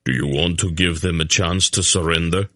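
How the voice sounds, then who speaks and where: A man voicing a gruff male warrior with a blunt, offhand manner. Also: sits low, normal speed, pushed and bright, no room sound, studio quality.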